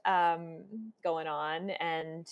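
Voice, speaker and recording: A woman's voice: on the low side, steady tone, drawn-out words, clean tone. A woman speaking as a voice actor guest in an interview, reflective and given to laughing. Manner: warm, reflective, laughs often. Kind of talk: conversational interview.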